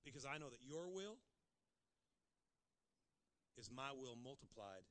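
A man's voice: medium pitch, sing-song, a little slow, fairly bright tone. A male pastor preaching a sermon, acting out pleading voices dramatically.

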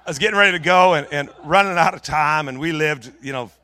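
A middle-aged man preaching in a church, telling a long personal story in a jokey, lively way with many restarts. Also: on the high side, fast, no echo. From Pacific Northwest of the US. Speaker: pastor. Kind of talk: storytelling sermon.

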